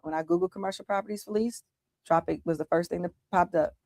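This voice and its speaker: A woman's voice: fairly low pitch, steady tone, quick pace, a little mellow, a little hiss or hum. A middle-aged woman from the United States, a business owner giving an interview and retelling her past dramatically, with frequent restarts. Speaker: guest entrepreneur. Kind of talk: candid interview storytelling.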